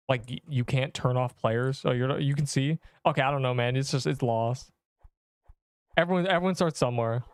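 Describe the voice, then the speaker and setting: A man's voice: medium pitch, dry recording, clean studio sound. A man in his twenties livestreaming a game, chatting casually and rambling as he reads chat messages aloud.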